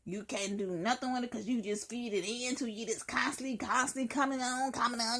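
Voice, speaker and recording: A woman's voice: steady tone, fairly quick, hardly any pauses, a bit bright. A woman hosting her own show, giving blunt, profane life advice in a sassy monologue and calling the listener honey child. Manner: swings into high whiny mock voices. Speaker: host.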